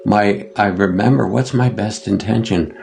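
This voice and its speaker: Gravelly deep older man, gentle and unhurried. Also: soft background music. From United States. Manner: gentle, unhurried, pauses with fillers. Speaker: meditation teacher, podcast guest. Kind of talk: reflective interview talk.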